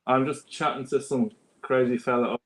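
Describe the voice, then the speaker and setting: A man's voice: mid-range voice, fairly even intonation, moderate pace. A man with a North County Dublin Irish accent, chatting casually as a guest over a video call. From Ireland. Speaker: guest on a livestream. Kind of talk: casual chat. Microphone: computer mic on a video call.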